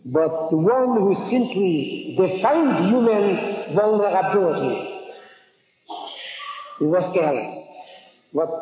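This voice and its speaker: A man with a high voice delivers a scholarly lecture, stopping, restarting and repeating phrases as he puts questions to his listeners. The sound is dull and lo-fi, with a long echo from a big hall. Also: animated, slow pace, long pauses, mellow. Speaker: Talmud lecturer. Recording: dull, echoey old hall recording.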